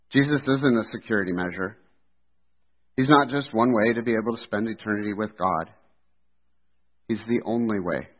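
Man, sermon, earnest steady preaching, mid-pitched voice, thin phone-like audio. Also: slightly rough. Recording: tinny phone-like sound.

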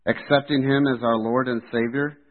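A man preaching a sermon in an earnest, steady delivery. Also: medium pitch, moderate pace. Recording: tinny phone-like sound.

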